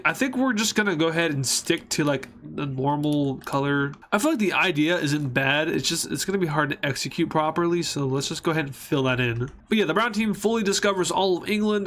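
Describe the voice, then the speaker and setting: A man's voice: fairly high pitch, a bit bright. A man casually narrating a map series, rambling and joking, often correcting himself mid-sentence.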